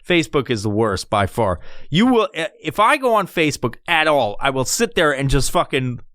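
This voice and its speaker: A man's voice: on the high side, a little fast, hardly any pauses, no room sound, studio quality. Profane, rambling man hosting a solo podcast. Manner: profane, rambling, animated storytelling. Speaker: podcast host.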